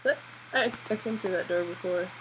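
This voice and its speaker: A woman doing let's play commentary, jittery and excitable, swearing at her character, on a built-in laptop mic. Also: lowish voice, moderate pace, noisy background. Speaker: gamer.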